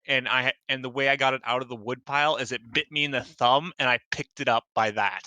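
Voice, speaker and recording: A man playing in a tabletop game who chats casually, tells stories in an animated way and makes jokey puns. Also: mid-range voice, brisk, no echo. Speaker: player.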